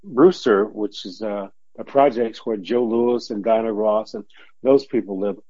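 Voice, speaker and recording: A man's voice: fairly low pitch, a little slow, no room sound. An older man from Detroit, a former police officer, telling stories as an interview guest and acting out the voices he quotes. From Detroit, USA. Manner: animated storyteller who acts out quoted voices and laughs often. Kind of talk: storytelling in an interview. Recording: dull lo-fi recording.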